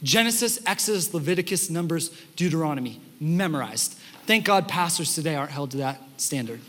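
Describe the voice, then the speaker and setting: A young adult man preaching a sermon as a pastor in a church, telling stories in an animated way and acting out the quotes. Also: on the high side, a little fast. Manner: animated storytelling, acts out quotes. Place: church sanctuary. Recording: hall reverb.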